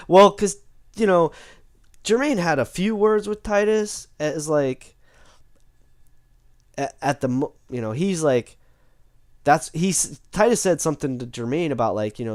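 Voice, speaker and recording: A man's voice: mid-range voice, expressive, normal speed, a little mellow, dry recording, studio quality. A man recapping a tabletop game session in a rambling way, with lots of restarts and self-corrections.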